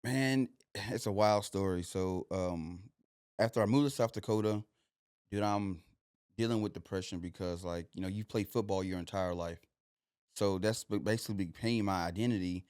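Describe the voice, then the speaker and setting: A man's voice: low voice, normal speed, darkish tone, smooth, no echo, studio quality. A young man, a podcast guest telling his story loosely, with lots of "like" and "you know". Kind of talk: casual storytelling.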